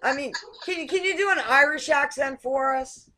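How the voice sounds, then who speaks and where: A woman's voice: sits high, normal speed, bright, forceful tone. A woman hosting a casual online talk show over a video call, chatty and hesitant, often repeating words. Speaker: host.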